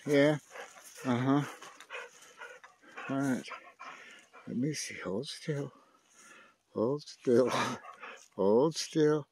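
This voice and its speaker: A man's voice: fairly high pitch, slow pace, pauses often, a little hiss or hum. An older man talking casually to his dog, coaxing and teasing it with mild curses. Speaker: dog owner playing with his pet.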